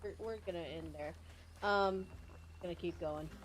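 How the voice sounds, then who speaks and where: A woman's voice: lowish voice, a little slow, slight background noise. A woman streamer casually chatting through a video game. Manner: chatty, wandering musings. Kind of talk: casual gameplay commentary.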